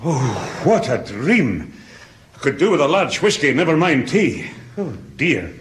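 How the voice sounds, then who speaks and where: A man's voice: on the high side, very animated, unhurried, a little hiss or hum. An actor playing a blustering, put-upon old grandfather in a 1960s radio comedy. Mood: flustered. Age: older. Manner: blustering, flustered.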